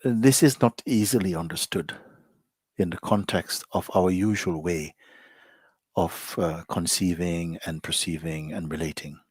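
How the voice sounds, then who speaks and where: Deep, husky man giving a soft spiritual talk. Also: measured pace, dry recording, studio quality. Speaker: spiritual teacher. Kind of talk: satsang talk to a live gathering.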